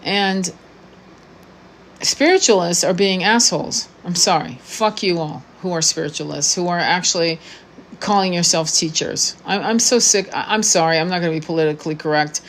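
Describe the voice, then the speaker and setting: A woman's voice: on the low side, moderate pace, slight background noise. A woman in her sixties, a tarot reader and spiritual coach, talking straight to her viewers in a blunt, profane, impassioned monologue full of restarts. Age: 60s. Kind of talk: unscripted monologue to camera.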